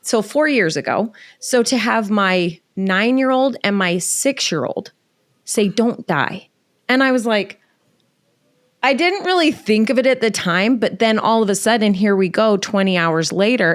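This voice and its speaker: Brief: middle-aged woman, podcast guest, candid and animated, dry close sound. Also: mid-range voice, no room sound. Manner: animated, emotional, quick asides with reenacted dialogue. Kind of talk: candid personal storytelling.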